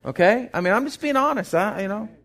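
Middle-aged pastor, folksy and lively, voice on the higher side. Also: male voice, quick pace. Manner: folksy, animated preaching with many restarts. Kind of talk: sermon.

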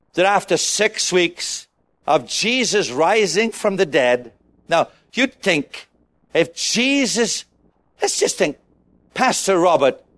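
A male preacher delivering a sermon in a high-pitched voice that leaps up and down. He urges the congregation to shout their answers. He keeps it playful, acting out small scenes as he goes. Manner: exhorting, calls on the congregation to shout; playful, jokes and acts out little scenes.

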